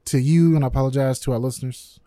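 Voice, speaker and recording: A man's voice: mid-range voice, steady tone, fast talker, warm tone, no echo, clean studio sound. A young man co-hosting a podcast, rambling and self-deprecating in casual chat. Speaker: podcast co-host and trivia contestant.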